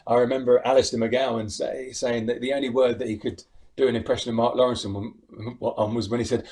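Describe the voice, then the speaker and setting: A man with a southern English accent, chatting as an impressionist guest in an animated way. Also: medium pitch, quick pace. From United Kingdom. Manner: animated, laughs easily, slips into voices. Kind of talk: casual interview chat.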